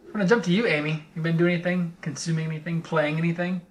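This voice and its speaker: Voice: medium pitch, steady tone, very fast, a little hiss or hum. A podcast host who keeps asking questions in casual chat and laughs often.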